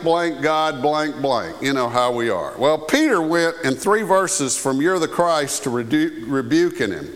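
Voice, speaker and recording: A man's voice: a little high, a bit bright. A male pastor preaching a sermon in a conversational way, often checking in with the congregation by asking "okay?". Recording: long hall reverb.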